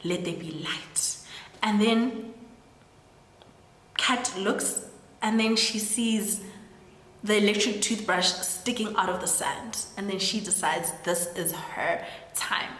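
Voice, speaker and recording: A woman's voice: mid-range voice, fairly even intonation, slow pace, pauses often, fairly bright tone. A young woman casually retelling a horror story, chatty and full of filler words, now and then acting out the characters' lines. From South Africa. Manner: chatty, lots of "like" fillers, acts out quoted lines. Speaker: storytelling creator. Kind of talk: casual plot recap. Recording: echoey room with long reverb.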